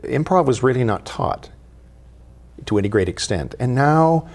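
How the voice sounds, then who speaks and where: A man hosting a televised talk segment, speaking at an ordinary middle pitch. He explains history in a measured, professorial manner. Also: animated, a little mellow. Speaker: guest host and living historian. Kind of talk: studio TV talk.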